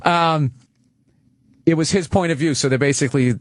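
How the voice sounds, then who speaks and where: A man's voice: on the high side, moderate pace, dry recording, clean studio sound. A man with a Boston accent in his forties, a comedian guest telling rambling, profane, self-mocking stories on a radio talk show.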